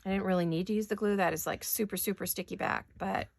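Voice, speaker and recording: A woman vlogger, raspy from allergies, chatting casually and talking to herself as she makes paper crafts in her home studio. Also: mid-range voice, steady tone, fast talker, no room sound. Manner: chatty, talks to herself while working.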